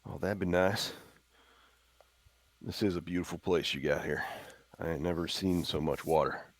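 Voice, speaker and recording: A man's voice: deep voice, steady tone, moderate pace, dry recording. A man playing a folksy Western bank-robber character at a tabletop game.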